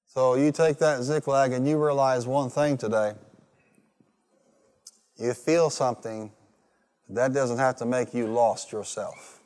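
A man's voice: medium pitch, steady tone, measured pace, pauses often, long reverb tail. A male pastor preaching a rousing sermon, leading the congregation in call-and-response. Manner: rousing, call-and-response, rising to loud peaks.

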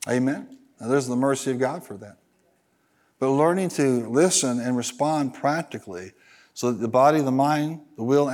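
A man's voice: medium pitch, a little mellow. A man preaching a sermon as pastor, telling stories with a laugh and calling the congregation to answer back. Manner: calls for congregation responses, storytelling with laughter.

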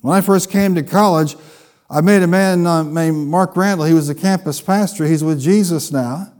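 Male pastor, slightly high voice, animated comic storyteller in the pulpit. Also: moderate pace. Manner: storytelling with humor, lively and animated. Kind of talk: sermon.

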